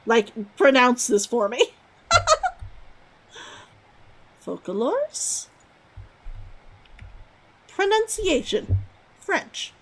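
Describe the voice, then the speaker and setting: A woman's voice: fairly high pitch, sing-song, slow pace, poor audio. A woman streaming a game, chatting casually and musing aloud as she reads lore text from the screen.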